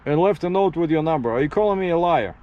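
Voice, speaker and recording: A man quoting a pushy male caller with bad intentions in a slightly raised, louder voice. The caller sounds brash and confrontational. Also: fairly high pitch, lively intonation, fast, dull audio, voice pushed up, lightly acted.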